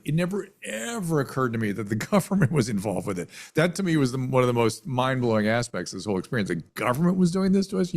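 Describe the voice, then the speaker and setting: A man around seventy, a physician, telling his story in an interview, halting with many restarts and self-corrections. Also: a little high. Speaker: physician guest.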